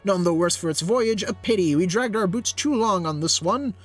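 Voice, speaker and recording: A man's voice: high voice, expressive, normal speed. A man playing a grandiose heroic adventurer leader. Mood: lofty. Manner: grandiose, formal old-fashioned speech.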